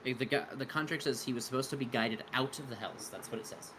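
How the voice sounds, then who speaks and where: A man's voice: medium pitch, fast talker, noisy background. A man running a tabletop game, explaining the rules in a loose, rambling way full of fillers. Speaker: game master.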